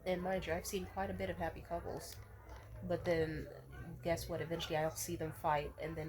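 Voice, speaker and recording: Young woman venting hard on camera, lowish voice, swears a lot, blunt. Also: flat delivery, fairly quick, a crowd in the background. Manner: blunt, profane, heated; repeats herself to restate points. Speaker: vlogger. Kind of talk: casual rant to camera.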